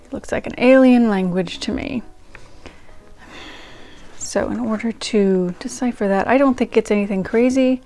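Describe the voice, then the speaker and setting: A woman's voice: on the high side, normal speed, long pauses, warm tone. Rambling, chatty woman host. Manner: rambling and chatty, with many ums and restarts. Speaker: host reading old diaries. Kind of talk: casual chat to viewers. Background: faint ragtime music.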